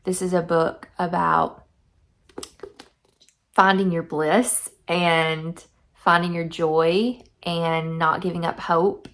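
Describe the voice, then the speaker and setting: Gravelly-voiced woman chatting about a book. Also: lowish voice, fairly bright tone. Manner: chatty, effusive, reads passages aloud. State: teary-eyed. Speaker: book vlogger. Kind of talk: casual book review vlog.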